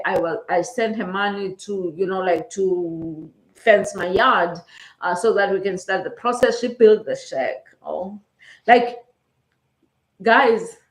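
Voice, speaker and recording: A middle-aged woman with a South African accent, telling a personal story to her vlog viewers in a chatty way, often checking in with "okay?", and close to tears. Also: mid-range voice. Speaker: vlogger. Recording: roomy echo.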